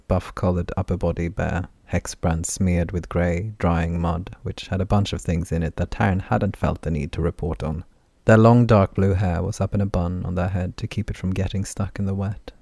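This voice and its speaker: A man narrates a fantasy audiobook with steady, even storytelling. His voice is deep. The recording is dry and close, with no room sound. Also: vocal fry, no room sound.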